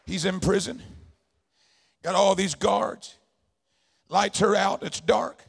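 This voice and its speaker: A man preaching a sermon, swinging between hushed, low storytelling and shouted, fervent declarations. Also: steady tone, slow pace, vocal fry, husky.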